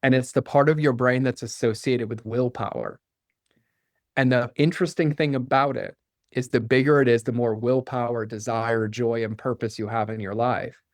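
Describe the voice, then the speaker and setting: A middle-aged man as a podcast guest, speaking earnestly in a fast flow with lots of fillers like "like" and "right?", and acting out little bits of dialogue as he goes. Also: mid-range voice, fairly even intonation, no room sound, studio quality. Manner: acts out quoted dialogue with his son. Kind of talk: candid interview talk.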